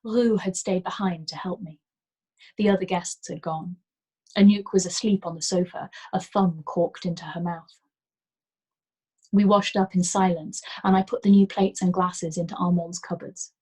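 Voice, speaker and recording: A woman reading a novel aloud as a storyteller, in a soft and gentle manner that sometimes drops to a whisper. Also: fairly low pitch, fairly even intonation, normal speed, breathy edge, low-quality recording.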